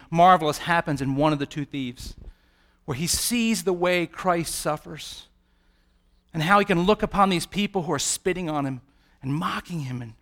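A man preaching a sermon, rising to loud peaks and dropping to quiet, hushed lines, sometimes acting out the voices he quotes. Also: sits high. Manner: dramatic swings from soft to loud.

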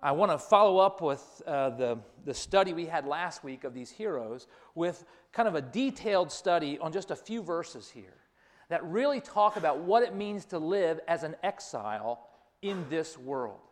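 A man's voice: on the high side, lively intonation, moderate pace. A man preaching a sermon, telling a story and repeating key phrases for emphasis. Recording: long reverb of a large hall.

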